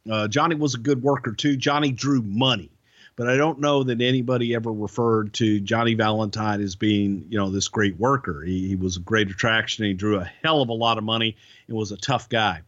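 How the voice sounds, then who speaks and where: A man who is a guest on a podcast, talking bluntly in a gruff, casual way and swearing freely. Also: on the low side, fairly even intonation, fairly quick, fairly bright tone, no echo, lo-fi sound.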